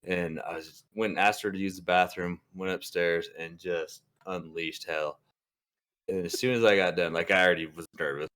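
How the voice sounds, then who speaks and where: A man's voice: low-pitched, fairly even intonation, normal speed, fairly bright tone, clean tone. A man in his thirties, a podcast co-host, telling a story in casual chat, swearing and laughing often. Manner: laughs a lot while telling stories, swears freely.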